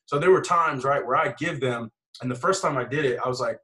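A male football coach talks shop in a relaxed chat. His voice sits at an ordinary pitch, and he rambles through restarts and laid-back slang as he tells his stories. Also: a little fast, poor audio. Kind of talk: casual coaching conversation.

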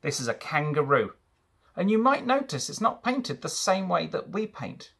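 A young man leads an art lesson for children with a husky, bright-edged voice. His pitch rises and falls a lot as he chats straight to young viewers. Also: normal speed. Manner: lively, chatty, talks to young viewers. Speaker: teacher.

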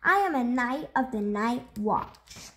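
A woman's voice: fairly high pitch, lively intonation, slow, fairly bright tone, slight background noise. A woman voicing a small, brave and clever male owl knight in a storybook reading, speaking in an earnest, reasoning tone.

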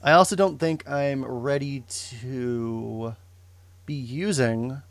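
Commentating casually on a game he's streaming, a young man rambles, corrects himself often and slips in joking asides. He speaks slowly in a mid-range voice, and there's no echo.

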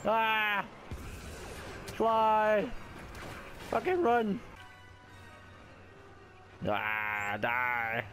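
A young man doing live gameplay commentary from a home gaming setup on a headset mic. His talk is excitable and sweary, and he often laughs at himself. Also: high-pitched, very slow, pauses often, faint music behind. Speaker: gaming YouTuber.

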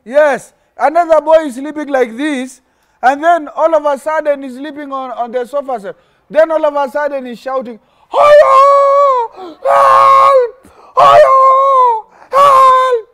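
A man's voice: very high voice, moderate pace, slight background noise. A young man hosting an interactive children's lesson, acting out little stories and prompting the kids to finish his sentences. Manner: animated, acts out stories, call-and-response questions. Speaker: children's religious teacher and host.

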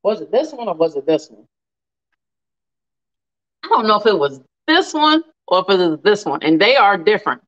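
A woman hosting a casual live cooking stream, animated and laughing often as she reads viewer comments aloud. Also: medium pitch, normal speed, long pauses, muffled recording.

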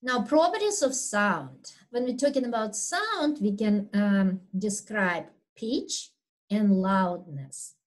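Woman lecturer, slow deliberate delivery, naturally loud, medium pitch, walks students through slides. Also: expressive, poor audio. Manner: unhurried, explanatory, with fillers and throat clearing; talks loudly by habit. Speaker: anatomy instructor. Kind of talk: recorded video lecture.

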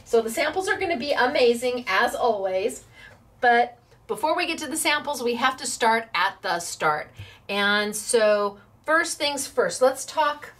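A woman's voice: on the high side, animated, unhurried, fairly bright tone. Bubbly, gushing woman craft host. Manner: bubbly, gushing, laughs often. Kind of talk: live product demo chat.

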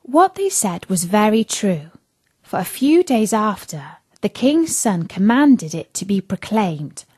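Slow, lively woman reading a fairy tale. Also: medium pitch, breathy edge, dry recording. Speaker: storyteller. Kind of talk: fairy tale read aloud for children.

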